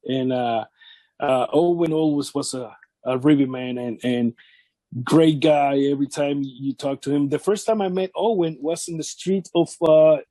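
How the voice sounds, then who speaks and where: Guy in his 50s, broken english, laughing through old stories, warm low-key tone, dry mic. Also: moderate pace, dry recording. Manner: animated anecdotes, non-native English grammar. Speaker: interview guest, former wrestler. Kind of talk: shoot interview storytelling.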